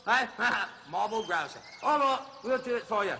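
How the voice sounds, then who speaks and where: A man's voice: high voice, expressive, moderate pace, creaky, bright, forceful tone, a little hiss or hum, exaggerated voice. An actor playing a chattering, chuckling male zookeeper who hosts zoo films, a little out of breath, in a TV comedy sketch. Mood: chummy. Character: jolly blustering male zookeeper safari host. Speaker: zoo film host.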